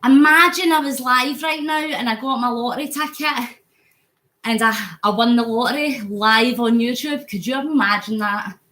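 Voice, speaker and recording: Live-streaming a charity cycle from her exercise bike at home, a Scottish vlogger talks casually to her phone audience, reads out their comments and gets sweaty. She speaks at a moderate pace in a slightly high, sharp-toned voice, with reverb from the room.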